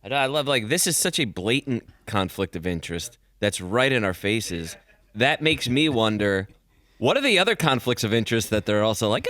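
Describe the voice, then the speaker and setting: A man co-hosting a sports talk show, animated and emphatic, peppered with "like". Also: on the low side, normal speed, no echo. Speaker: show co-host. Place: radio studio.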